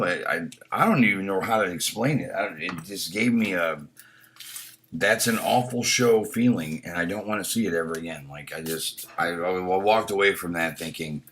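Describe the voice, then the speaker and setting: Hosting a casual live stream, a man with a low-sitting, pushed, bright voice reads chat comments aloud over slight background noise. He's blunt and opinionated, swears constantly, and keeps restarting his sentences.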